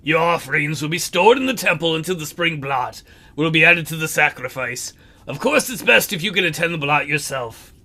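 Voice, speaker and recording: A man reading the lines of a calm, distant young woman priestess in a slow, measured way. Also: on the high side, heavily acted.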